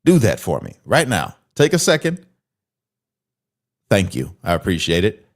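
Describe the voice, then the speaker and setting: A man with a slightly low voice hosts a casual reaction video. He is blunt and mocking, and he talks straight to his audience. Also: wildly swooping pitch, measured pace.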